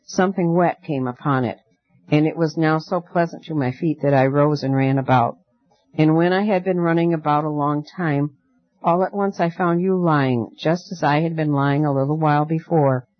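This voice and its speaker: A gentle girl of the night coaxes in a soft, earnest voice, read by a man in a fairly high voice. She is soothing yet firm, and sounds like a storybook reading. The recording is dull and muffled, with no room echo. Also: close to an everyday voice.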